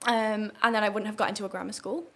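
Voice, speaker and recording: Young northern English woman, guest, fast and full of fillers. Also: mid-range voice, fairly even intonation, bright, forceful tone. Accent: northern English, softened toward southern English. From northern England. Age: young adult. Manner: fast, with many fillers and restarts. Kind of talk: casual interview talk.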